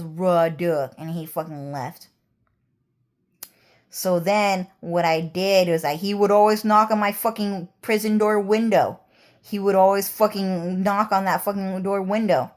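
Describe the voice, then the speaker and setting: A woman vlogger talking in a rambling, heated monologue, swearing often. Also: lowish voice.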